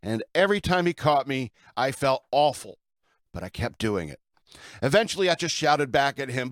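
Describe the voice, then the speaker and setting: A man's voice: mid-range voice, very animated, normal speed, fairly bright tone, no echo, studio quality. A man hosting his own show, talking in an irreverent, rambling way with fillers and chuckles. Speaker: podcast host. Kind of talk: casual rambling monologue.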